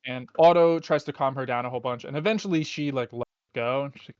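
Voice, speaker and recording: A man's voice: medium pitch, quick pace, a little mellow, clean tone, no echo, highs cut off. Laid-back, rambling male game master. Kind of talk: narrating a tabletop game.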